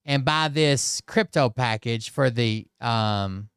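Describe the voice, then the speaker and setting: A man's voice: medium pitch, slow, a bit bright, clear, resonant tone, dry recording, studio quality. A man hosting a commentary channel, reacting to clips in a casual, skeptical way with frequent restarts and mocking asides.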